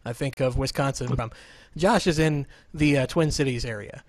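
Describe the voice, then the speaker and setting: A man's voice: mid-range voice, normal speed, no room sound, clean studio sound. A man hosting his podcast in a casual, joking, rambling, self-deprecating chat with a remote co-host. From Southern Illinois. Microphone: remote call setup.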